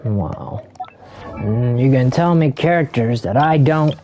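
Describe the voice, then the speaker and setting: A man's voice: medium pitch, lively intonation, slow, dark tone, lo-fi sound, a little hiss or hum. A man streaming a game, ranting angrily with heavy profanity at other players. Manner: angry, heavily profane, ranting. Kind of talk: ranting gameplay commentary.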